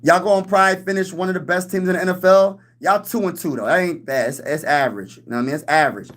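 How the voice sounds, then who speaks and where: Young man, livestream host, talks trash, answers chat, slightly high voice. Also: quick pace, fairly bright tone.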